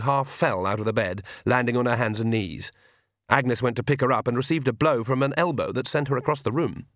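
A man narrating a novel in a measured, even storytelling manner. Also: medium pitch, no echo, clean studio sound. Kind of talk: scripted audiobook narration.

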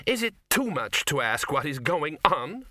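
A man's voice: a little high, sing-song, unhurried, pushed and bright, no room sound, studio quality, voice pushed up, full character voice. A man voicing a petulant young actress who speaks icily and suspiciously. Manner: petulant, cold.

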